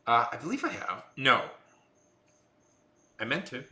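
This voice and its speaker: A man's voice: mid-range voice, big pitch swings, unhurried, pauses often, pushed and bright, echoey room. A man hosting a casual live chat, rambling with many restarts and fillers. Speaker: livestream host.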